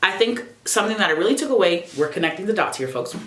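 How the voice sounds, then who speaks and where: A young adult woman vlogging casually at home, expressive, profane and sassy. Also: fairly low pitch, fast, reverberant. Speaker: YouTuber. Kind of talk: casual reflective vlog.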